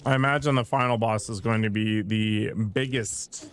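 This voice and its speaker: A man's voice: lowish voice, steady tone, normal speed, a little hiss or hum. A man streaming gameplay, talking casually and joking with mild slang.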